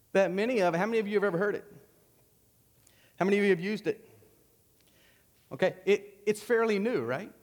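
High-voiced joking pastor in echoing church. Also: male voice. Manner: conversational and joking. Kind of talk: sermon. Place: church sanctuary.

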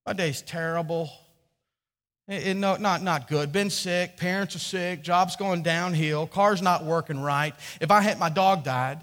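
A man's voice: high voice, a bit bright, long reverb tail. A man doing a gloomy self-pitying complainer. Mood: mopey. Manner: mopey, listing troubles in a slow drone.

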